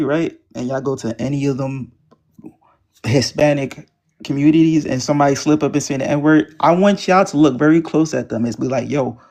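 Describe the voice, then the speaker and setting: A man's voice: medium pitch, creaky, darkish tone. A man in an online debate, casually telling a short story to make his point. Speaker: debate participant.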